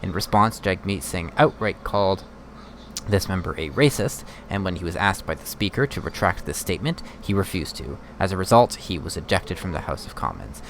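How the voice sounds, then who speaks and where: A man streaming casual political commentary, rambling and halting with many fillers. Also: low-pitched, animated, slight background noise. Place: home streaming setup.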